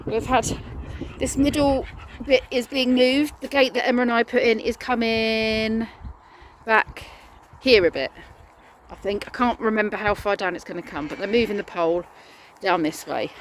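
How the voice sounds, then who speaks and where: A woman's voice: fairly high pitch, fairly even intonation, normal speed, background noise. Chatty woman vlogging her garden chores. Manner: chatty, rambling storyteller narrating her chores. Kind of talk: casual vlog chat. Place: outdoors in a garden with animals.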